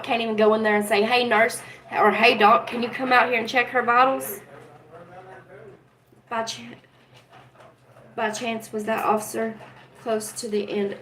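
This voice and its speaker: A woman's voice: medium pitch, fairly bright tone, low-quality recording. A woman hosting a casual livestream from home, talking earnestly and with feeling to her chat viewers. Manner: earnest, emotional, talks straight to chat viewers. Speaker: livestream host.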